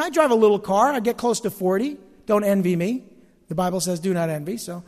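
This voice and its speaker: A middle-aged pastor delivers a sermon from the pulpit, his high, bright voice swooping widely from line to line. Animated and humorous, he pokes fun at himself and acts out everyday complaints. A long reverb carries his words through a large church sanctuary.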